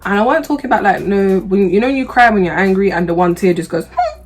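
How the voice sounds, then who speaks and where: Woman vlogger, casual storyteller, mid pitch, slangy and heated, faint music bed. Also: quick pace, breathy edge. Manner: animated, humorous, slangy, turns heated when reliving anger.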